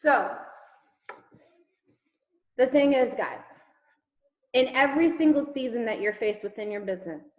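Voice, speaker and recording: A woman's voice: a little high, animated, a little slow, pauses often, a little mellow, roomy sound, rough recording. A woman leading a network marketing team, giving an emphatic motivational talk over a video call, firing rhetorical questions and repeating words for effect. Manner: emphatic, rhetorical questions, repetition, casual swearing.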